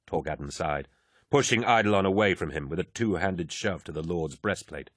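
A man narrating an audiobook in a steady, descriptive reading. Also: low voice, moderate pace, dry recording, studio quality.

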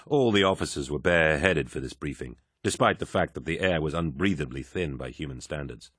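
A man narrating an audiobook in scripted, measured storytelling. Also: very deep voice, expressive, a bit bright, husky, dry recording, studio quality.

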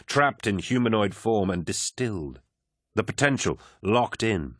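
A man narrating an audiobook in a measured, even storytelling manner. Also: fairly low pitch, slightly rough, no echo, studio quality. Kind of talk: scripted narration.

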